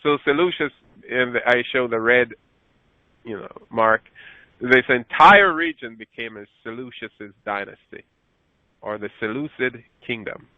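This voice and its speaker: Teaching from scripture, a man raises his pitch whenever he reads the verses out loud and catches and fixes his own mistakes as he goes. The audio is thin and phone-like, dry and close, with no room sound.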